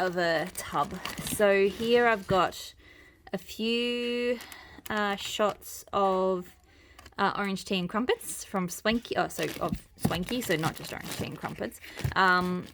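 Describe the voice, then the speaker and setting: Chatty Australian woman, somewhat low voice. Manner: rambling and chatty, with many ums and restarts. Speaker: wax melt collector showing her stash. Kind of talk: casual chatty tour. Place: home with noises around. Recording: noisy home recording.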